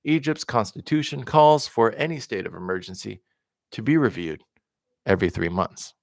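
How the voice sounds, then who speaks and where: An independent candidate reads news articles aloud in a plain, lowish voice with vocal fry at normal speed. He occasionally stumbles, repeats himself and drops offhand asides. The recording is studio quality with no echo.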